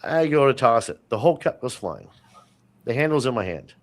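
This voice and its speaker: A man's voice: mid-range voice, big pitch swings, fairly quick, dry recording. A man talking as a podcast guest, telling long rambling stories full of fillers and restarts. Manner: rambling storyteller, many fillers. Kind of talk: casual interview chat.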